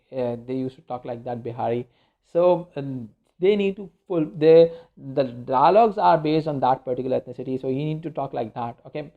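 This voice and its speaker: A man teaching a media studies lecture in a loose, rambling way, full of fillers and restarts. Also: a little high. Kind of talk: informal recorded lecture. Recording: dull lo-fi recording.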